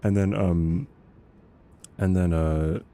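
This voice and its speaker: Male streamer, young adult, low voice, mellow tone, rambling, repeats words, casual chat. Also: fairly even intonation, slow. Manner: rambling, frequently ends points with "right?". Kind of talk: casual livestream chat while gaming.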